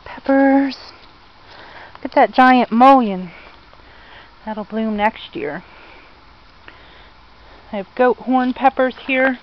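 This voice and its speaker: A woman with a slightly high voice wanders her outdoor garden, filming on a phone and chatting fondly to viewers about each plant. She speaks very slowly and easily. The outdoor audio comes through dull and muffled. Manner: chatty, gushing over plants, talks to viewers. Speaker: vlogger giving a garden tour. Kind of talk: casual meandering garden walk-through.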